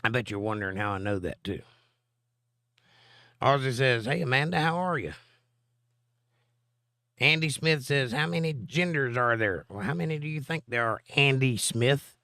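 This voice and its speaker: A man's voice: medium pitch, moderate pace, pauses often, bright, forceful tone, smooth, dry recording, studio quality. A middle-aged man, hosting a live stream and reading viewer comments aloud with a joking, chatty manner. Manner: joking, chatty, answers chat directly.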